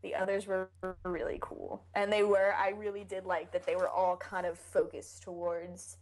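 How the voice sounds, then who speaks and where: A woman's voice: medium pitch, normal speed. A young woman co-hosting a casual fan podcast, chatty and acting out scenes she describes. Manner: chatty, quotes scenes in animated voices. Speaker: podcast co-host.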